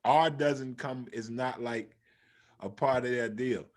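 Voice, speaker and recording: A former football player and coach tells stories in casual conversation, animatedly acting out the quoted dialogue as he goes. His voice is mid-range and he takes it slowly.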